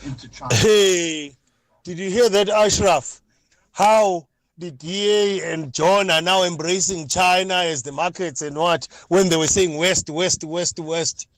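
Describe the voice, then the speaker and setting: A man calling a radio show, talking in an excited, animated way. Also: high-pitched, takes it slowly, dry recording. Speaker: caller.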